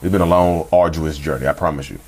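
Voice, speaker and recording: A man talking casually to his viewers on a vlog, animated and repetitive, calling them y'all, and tired. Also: a bass voice, fast talker. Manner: animated, repeats himself, addresses viewers as y'all. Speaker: vlogger. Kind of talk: casual talk to camera.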